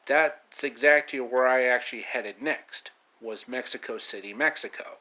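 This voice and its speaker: A man's voice: medium pitch, moderate pace, pushed and bright. A man casually telling his own take on a classic adventure story, laid-back, with scattered foreign phrases. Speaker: storyteller, channel host. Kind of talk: casual home-made storytelling.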